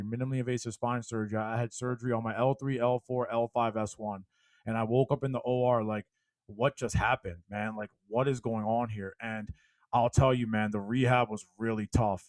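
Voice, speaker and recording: A man's voice: mid-range voice, no room sound, low-quality recording. Emphatic man preaching resilience. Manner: emphatic, preachy, rising to loud exhortation. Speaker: podcast guest, motivational speaker. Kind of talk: impassioned storytelling.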